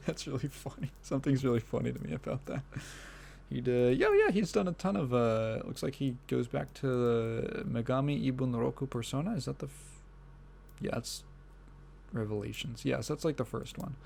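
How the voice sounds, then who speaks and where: A man's voice: medium pitch, big pitch swings, moderate pace, gravelly, darkish tone, a little hiss or hum. Rambling, laughing male podcast host. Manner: rambling, profane, laughs often mid-sentence. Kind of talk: casual solo gaming podcast chat.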